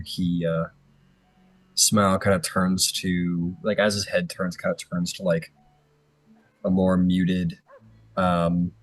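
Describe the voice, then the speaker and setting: A man's voice: deep voice, husky, dry recording, rough recording. A man narrating as game master, rambling and hedging with lots of fillers.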